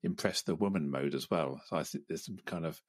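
A male interviewer with a very deep voice speaks in a measured, halting way, restarting his phrases as he goes. The recording is close and dry. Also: no echo. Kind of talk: conversational interview.

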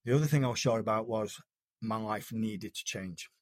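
A man from the United Kingdom, an interview guest, telling a personal story in an earnest, halting way with frequent restarts. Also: fairly low pitch, no echo, studio quality.

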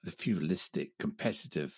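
A man interviewing a guest, speaking in a measured, somewhat halting way. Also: low voice, lively intonation, gravelly, husky, no room sound, clean studio sound. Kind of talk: conversational interview.

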